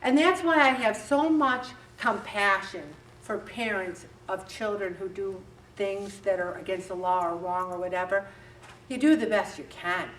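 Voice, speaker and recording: A middle-aged woman leading a faith-based weight loss group, talking in an animated way and acting out bits of dialogue. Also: mid-range voice, a little slow. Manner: animated, acts out dialogue with voices. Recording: echoey room, distant mic, faint background noise.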